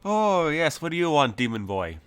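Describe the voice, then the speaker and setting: A man voicing an unimpressed leprechaun druid in a tabletop game, raising his pitch well above his own. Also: very animated, moderate pace, fairly bright tone, smooth, no room sound. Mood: dismissive. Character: stone-faced, unimpressed male leprechaun druid.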